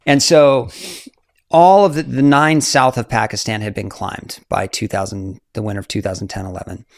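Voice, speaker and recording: A man's voice: fairly low pitch, moderate pace, vocal fry, no echo. A man in his forties, a mountaineer guest, telling his story casually with many fillers and laughs. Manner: animated, fillers, laughs often.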